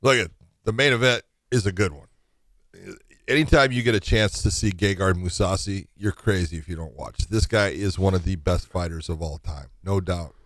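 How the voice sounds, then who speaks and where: A man's voice: low-pitched, normal speed, dry recording. A man co-hosting a podcast in casual chat, blunt and emphatic, swearing freely. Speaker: podcast co-host.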